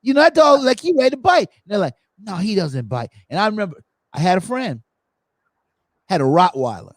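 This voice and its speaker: Man, podcast host, lively storytelling, fairly high voice, dry sound. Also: a little fast, dry recording. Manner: animated storytelling, acts out quotes. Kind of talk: casual chat.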